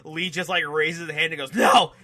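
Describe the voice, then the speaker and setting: A man's voice: on the high side, level tone, a little fast, bright, forceful tone. A young man co-hosting a podcast, chatting casually and acting out moments with quoted voices. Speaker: podcast co-host. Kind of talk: casual chat reviewing wrestling matches.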